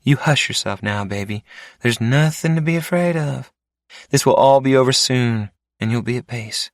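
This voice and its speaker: A gentle young woman , voiced by a male narrator speaks softly and soothingly, like a mother to a frightened child. The voice sits in a middle pitch, up from the narrator's own, and is recorded close and dry. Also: normal speed, no room sound, close to an everyday voice. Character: gentle young woman nursing a dying man.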